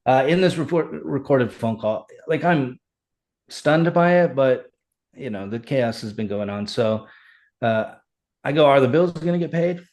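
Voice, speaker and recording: Middle-aged male fire chief, earnest and animated, middle-range voice, conversational podcast guest. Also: medium pitch, a little slow. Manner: animated, earnest, reenacts dialogue. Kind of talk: conversational storytelling.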